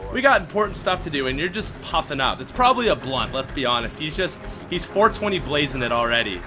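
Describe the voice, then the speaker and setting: A young man commentating his own gameplay, chatty and excitable, with outbursts and mock-British slang like mate. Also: a little high, music in the background. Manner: excitable, chatty, quick outbursts while playing. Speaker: gaming video host. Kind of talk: let's play commentary.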